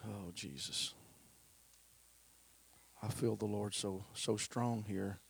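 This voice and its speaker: Gravelly, husky male preacher. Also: lowish voice, steady tone, slow pace. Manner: swings between loud preaching and hushed whispers. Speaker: pastor. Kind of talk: sermon.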